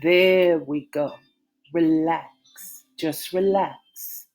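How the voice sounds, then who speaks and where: A woman reading the part of Joshua, a calm male therapist who reassures his patient. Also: low voice, very slow, exaggerated voice. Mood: reassuring.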